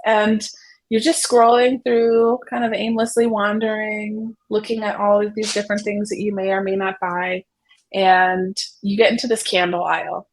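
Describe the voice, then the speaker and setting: A woman's voice: mid-range voice, moderate pace, low-quality recording. Woman psychotherapist telling a vivid story. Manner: vivid, expressive storyteller who paints scenes for the listener. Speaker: psychotherapist guest. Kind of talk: conversational explanation with an illustrative story.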